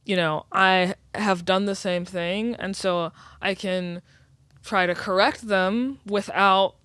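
A woman's voice: medium pitch, steady tone, slow pace, fairly bright tone, smooth, no room sound. A woman guest on a podcast in casual chat, talking in a reflective, long-winded way.

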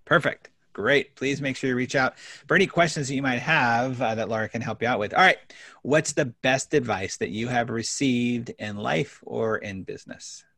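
A man hosting a business podcast interview, talking in an energetic, animated way and telling stories. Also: mid-range voice, moderate pace, no room sound. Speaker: podcast host.

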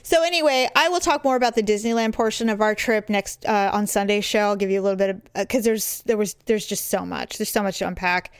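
A middle-aged woman co-hosting a show, telling stories in casual chat, candid and animated with blunt swearing. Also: mid-range voice, quick pace, hardly any pauses, clean tone, no echo, clean studio sound. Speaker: podcast co-host.

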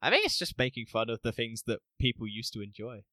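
A man co-hosting a casual podcast review, animated, acting out scenes and laughing often. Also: mid-range voice, fast, no echo. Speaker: podcast co-host. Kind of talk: casual spoiler review chat.

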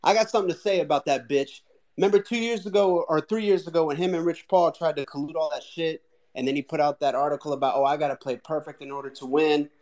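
A man's voice: fairly high pitch, quick pace, a little mellow. A man calling in to a fan audio room, ranting angrily with heavy swearing. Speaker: caller.

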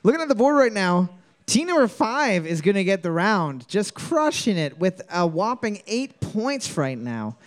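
A man's voice: high-pitched, very animated, measured pace. A man hosting a live trivia night at a bar, joking and reading each question twice. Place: bar venue with live audience.

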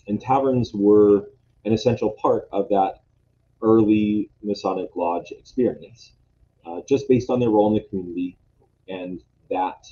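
A man's voice: sits low, warm tone. A man presenting lodge history in a casual talk, hesitant and full of fillers and restarts. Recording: dull lo-fi sound, faint noise.

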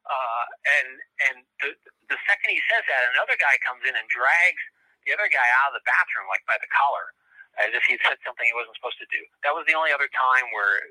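Male guest storyteller, very bright sharp tone, dry close sound, rambling with fillers. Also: medium pitch, lively intonation, fast, dry recording, low-quality recording. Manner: rambling, many fillers and restarts. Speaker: professor. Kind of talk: casual storytelling in an interview.

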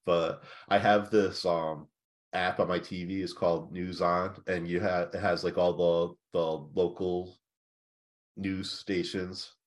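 Very low-voiced easygoing man. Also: level tone, unhurried. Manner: easygoing, agreeable, rambling with many fillers. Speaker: co-host. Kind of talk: casual chat.

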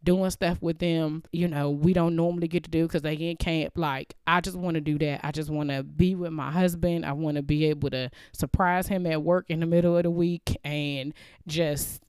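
A woman's voice: sits low, steady tone, normal speed, a little mellow, clear, resonant tone, dry recording. A woman hosting a podcast, telling a personal story in an earnest, heartfelt, conversational way into a close mic. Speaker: podcast host.

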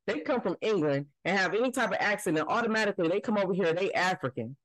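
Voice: medium pitch, lively intonation, quick pace, fairly bright tone, no room sound, low-quality recording. A podcast co-host talking in casual chat, telling stories emphatically and with a lot of swearing. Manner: emphatic, profane storytelling.

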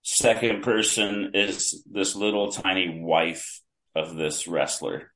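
This podcast guest, a man and longtime wrestling fan, has a low voice with a pushed, bright quality and talks slowly with flat delivery. He relays vivid, detailed anecdotes in a casual way, repeatedly restarting his sentences.

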